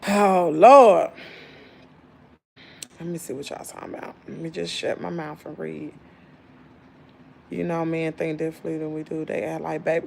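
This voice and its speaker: A tired woman in her thirties with a Southern US accent, venting in casual chat to her viewers, swinging from loud exclaims to low muttering. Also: lively intonation, moderate pace, gravelly. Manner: folksy slangy talk, addresses viewers as y'all. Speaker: channel host.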